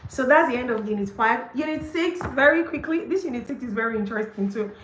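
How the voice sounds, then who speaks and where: A woman hosting a book study session. She reads from the book and comments on it in a gushing, excited way, laughing often and leaning on "like" and "okay". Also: fairly high pitch, quick pace, a little hiss or hum. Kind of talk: livestreamed devotional book reading and commentary. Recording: echoey room.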